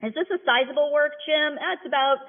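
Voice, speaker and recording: A woman auctioneer running a live sale, calling bids in a steady rhythm and breaking off into chatty, self-deprecating asides. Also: high voice, fairly quick. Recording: tinny phone-like sound.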